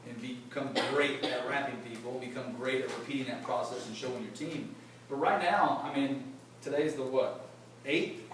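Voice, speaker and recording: A man's voice: mid-range voice, normal speed, a bit bright. Guy giving a motivational talk at a company event, jokey, keeps quizzing the crowd, far-off mic, noisy background. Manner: chatty, joking, quizzes the crowd. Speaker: sales executive speaking at a company event. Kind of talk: casual motivational talk to a live audience. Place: large echoey event room with an audience. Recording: echoey room, far mic, background noise.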